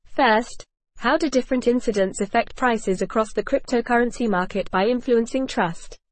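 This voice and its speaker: A woman's voice: a little high, normal speed, no echo. Dry, evenly read woman podcast host. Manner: polished, evenly read, reads cue notes aloud. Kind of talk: scripted podcast discussion.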